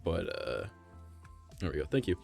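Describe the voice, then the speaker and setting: A man streaming from home, chatting casually with a gravelly, vibrating voice, rambling and swearing. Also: low-pitched, sing-song, normal speed, darkish tone, soft background music. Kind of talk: casual live-stream chat.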